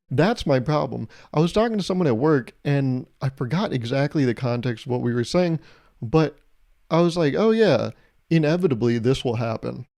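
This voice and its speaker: A man's voice: mid-range voice, animated, moderate pace, a little mellow. A man hosting a solo podcast, talking in a sarcastic, joking way full of rhetorical questions and playful mock advice. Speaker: podcast host. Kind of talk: solo comedic podcast monologue.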